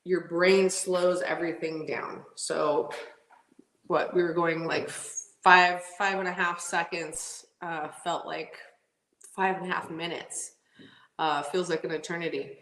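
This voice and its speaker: A woman drag racing driver tells stories in a casual interview, speaking slowly in a lowish voice. She's animated, laughs often, and acts out what people said. The recording is roomy and poor in quality.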